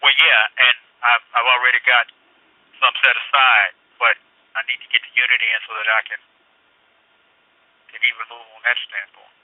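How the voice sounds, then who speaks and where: Customer service man on a phone line, flat and hesitant, stammers through the same answer again and again; tinny and dry. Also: medium pitch, moderate pace, pauses often, no echo. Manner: hesitant, repeats himself, stammers. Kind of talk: phone call.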